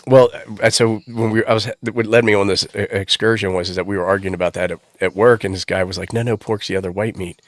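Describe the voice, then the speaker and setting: A man's voice: fairly low pitch, level tone, fast, few pauses, no room sound. A man with a cold co-hosting a casual live-stream chat, rambling with frequent restarts. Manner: rambling, hesitant, many restarts. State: has a cold. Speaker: co-host.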